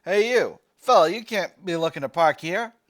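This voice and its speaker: A brash, wheeler-dealing army sergeant with a put-on New Jersey accent, as a man puts him on. He talks loud and quick, pitched a little high, always hustling a trade. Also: animated. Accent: attempted New Jersey.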